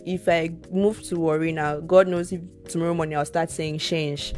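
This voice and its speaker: Nigerian woman, low voice, emphatic repeats. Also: steady tone, normal speed, darkish tone, soft background music. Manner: reflective, repeats words for emphasis, laughs often. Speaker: podcast co-host. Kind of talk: casual chat.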